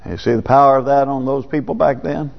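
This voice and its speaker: A man's voice: mid-range voice, fairly even intonation, quick pace, vocal fry. A man preaching a sermon in a church, talking in a folksy, conversational way with sudden rises. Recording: dull, lo-fi church recording with long reverb.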